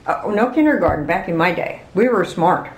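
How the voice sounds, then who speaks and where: A woman's voice: on the low side, animated, moderate pace, reverberant, heavy background noise. An older woman being interviewed, chatty and reminiscing, laughing as she remembers. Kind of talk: oral history interview.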